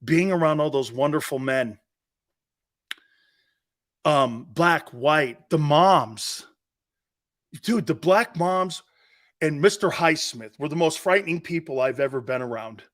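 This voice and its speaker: Animated man telling loose sports stories. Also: fairly high pitch, slow, long pauses. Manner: animated storyteller, acts out quoted voices, laughs often. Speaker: sports talk show host. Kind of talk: casual storytelling monologue.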